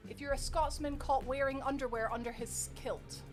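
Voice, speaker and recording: A woman's voice: high-pitched, steady tone, normal speed, few pauses, faint music behind. A woman streaming a game live, chatting casually with viewers, giggling and cooing to her dog.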